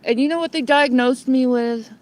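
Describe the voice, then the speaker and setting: A woman's voice: sits high, normal speed, a little mellow. A woman livestreaming on her phone from outdoors under a building, ranting bluntly and swearing heavily, repeating herself as she rambles. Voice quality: heavy swearing, blunt and combative. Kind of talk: homeless livestream rant. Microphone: phone held by the speaker.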